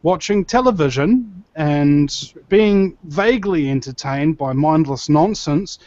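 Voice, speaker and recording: A man's voice: on the high side, expressive, slow, a little mellow, no echo, highs cut off. A man joking sarcastically in a casual comedic podcast chat. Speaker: podcast co-host.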